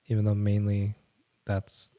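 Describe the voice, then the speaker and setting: A man, a father, speaks as a guest on a podcast. His low, mellow voice stays measured and thoughtful as he considers his answers. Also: monotone. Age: adult father. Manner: measured, thoughtful, frequent murmured agreement. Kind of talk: reflective casual conversation.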